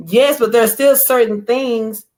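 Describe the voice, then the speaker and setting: A woman guest telling a lively personal story in casual chat, acting out quoted lines. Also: a little high, a little slow. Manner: animated, acts out quoted voices. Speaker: guest author.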